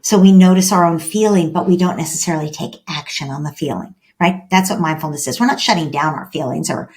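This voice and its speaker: Female expert guest, lowish voice, steady and explanatory, interview setting. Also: fast. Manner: calm, explanatory, acts out quoted dialogue. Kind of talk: podcast interview.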